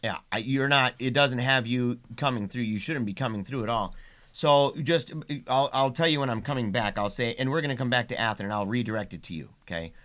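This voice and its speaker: A man's voice: mid-range voice, fairly quick, fairly bright tone. A middle-aged man hosting a casual livestream, chatty and laughing, with many restarts. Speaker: livestream host and father.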